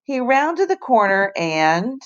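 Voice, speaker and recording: A woman fourth-grade teacher reading a children's chapter book aloud to her class in an expressive, clear way. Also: fairly high pitch, takes it slowly, highs cut off. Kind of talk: storybook read-aloud.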